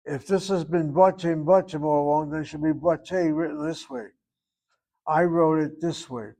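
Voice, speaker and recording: A man's voice: a little high, normal speed, darkish tone. An older man teaching a Hebrew grammar class, thinking aloud and reasoning back and forth as he explains.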